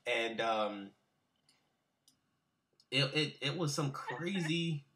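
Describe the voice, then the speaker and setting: A man's voice: mid-range voice, lively intonation, extremely slow, sharp tone. A young man being interviewed on webcam, telling a story in a loose, slangy, rambling way with many fillers and restarts. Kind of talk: casual storytelling.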